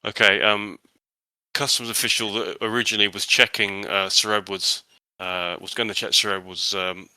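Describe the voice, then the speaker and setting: A man's voice: on the low side, flat delivery, moderate pace, bright, forceful tone, smooth, dry recording. A man narrating a tabletop horror game as game master, hesitant and full of restarts.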